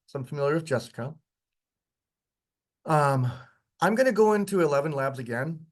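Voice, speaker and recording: A man's voice: a little high, lively intonation, moderate pace. Chatty male workshop instructor. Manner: casual, chatty, with short chuckles and frequent ums. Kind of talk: live software demonstration lecture.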